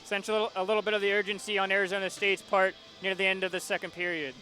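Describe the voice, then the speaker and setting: A man calling live hockey play-by-play, following the puck in quick, rhythmic bursts. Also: sits high, level tone, bright, forceful tone, faint music behind. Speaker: play-by-play announcer.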